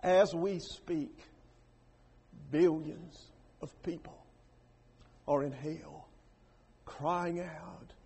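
A man preaches a sermon. He drops to hushed, low lines, then breaks into loud, raised bursts, repeating words and firing questions at the congregation. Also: fairly even intonation, drawn-out words, gravelly, long pauses, breathy edge.

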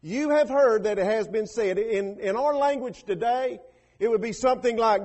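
Man, pastor, high-pitched, emphatic sermon delivery. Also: normal speed, darkish tone. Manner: preaching with rising emphatic bursts and quoted lines.

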